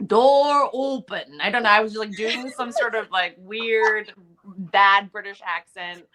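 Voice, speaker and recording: Bright-voiced actress telling funny stories. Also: female voice, mid-range voice, fairly even intonation, measured pace. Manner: laughs often while telling anecdotes; chatty, many restarts and fillers. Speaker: actor guest. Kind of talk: casual interview storytelling.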